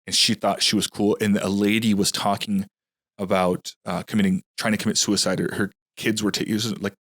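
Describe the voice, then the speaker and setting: A man's voice: fairly low pitch, flat delivery, brisk, fairly bright tone, no echo, clean studio sound. A man in a casual podcast conversation, telling a personal story in an earnest, rambling way full of restarts.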